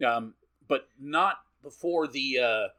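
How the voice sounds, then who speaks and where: A man's voice: mid-range voice, slow, sharp tone. A man co-hosting a podcast, recapping a film in casual chat, swearing freely and acting out what the characters say. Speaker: podcast co-host.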